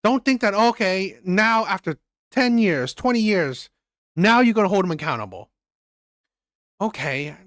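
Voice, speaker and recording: A man's voice: high voice, expressive, unhurried, pauses often, a bit bright, no room sound, clean studio sound. A man hosting a reaction channel, giving blunt, emphatic commentary and repeating his points with some swearing.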